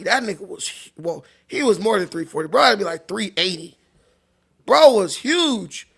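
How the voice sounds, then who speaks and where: A man's voice: very high-pitched, gravelly, sharp tone, slightly rough. A man from Long Beach, telling profane, laughing stories as a livestream host. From Long Beach, California. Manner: loose, profane, laughing storyteller. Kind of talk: casual storytelling.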